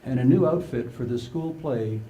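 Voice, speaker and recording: An older man voicing a child who rushes through a list of demands. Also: mid-range voice, mellow, highs cut off, voice pushed down, close to an everyday voice. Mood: pleading. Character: pleading young child asking parents for things.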